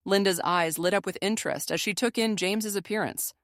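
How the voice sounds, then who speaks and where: A woman narrating a first-person family drama story in a steady, measured way. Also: mid-range voice, dry recording, clean studio sound.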